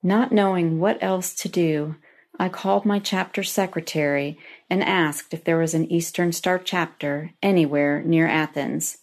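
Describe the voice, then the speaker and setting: A woman's voice: fairly low pitch, steady tone, unhurried. A middle-aged woman reading a personal story aloud in an earnest, heartfelt way, as a lodge member.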